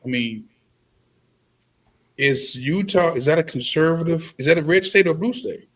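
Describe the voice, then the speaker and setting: A man joining a livestream as a guest, speaking in an unhurried, questioning way. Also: on the high side. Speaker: stream guest. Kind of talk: casual discussion.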